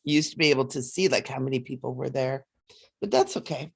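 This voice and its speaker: A woman hosting a casual psychic livestream, chatty and animated, often laughing as she reads cards. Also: a bass voice, fast talker, creaky, slightly rough. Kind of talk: casual livestream chat with card readings.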